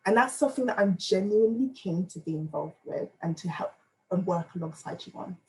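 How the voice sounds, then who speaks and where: A woman's voice: mid-range voice, animated, a little fast, warm tone, low-quality recording. A woman giving a playful, self-deprecating but earnest candidate speech over a video call. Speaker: candidate for advisory council.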